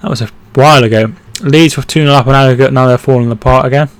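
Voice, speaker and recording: A man's voice: medium pitch, fast, clean tone, no echo. A man hosting a live football watchalong, chatting casually, reading out viewer comments and reacting to the play. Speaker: football stream host.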